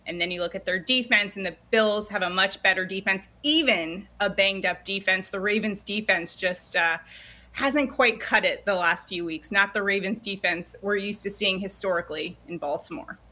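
A woman's voice: mid-range voice, moderate pace, pushed and bright. A woman football analyst on a sports radio show, giving confident, emphatic breakdowns. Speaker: NFL analyst guest.

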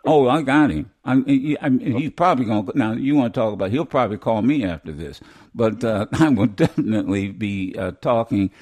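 A man's voice: medium pitch, expressive, a little fast, a little mellow. A man hosting a radio show, chatting casually and rambling with many restarts. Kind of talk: casual on-air chat.

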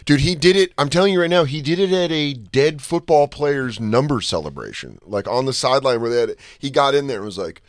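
Lively-pitched joking man. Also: a little fast, few pauses, dry recording. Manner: crude, laughing, jumps into silly impressions. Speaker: podcast co-host. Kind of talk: casual comedic banter.

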